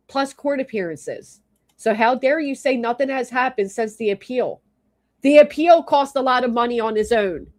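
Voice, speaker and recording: A woman ranting angrily on her livestream, swearing often and stopping to thank people in her chat. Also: a little high. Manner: angry, profane, exasperated; reads and thanks chat commenters. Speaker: YouTube livestreamer. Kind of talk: livestream rant.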